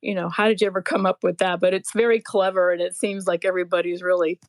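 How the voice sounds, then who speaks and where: A woman's voice: fairly low pitch, little pitch movement, fast, no room sound. A woman chatting casually on a live pet show, effusive and laughing as she talks. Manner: warm, gushing, laughs while talking. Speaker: podcast co-host.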